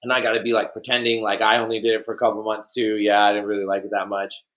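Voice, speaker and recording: A man's voice: fairly low pitch, completely flat delivery, fast, fairly bright tone. A young adult man, a guest on a chat podcast, rambling through his stories and laughing at them as he goes. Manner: rambling storyteller who laughs at his own tales. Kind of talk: casual chat.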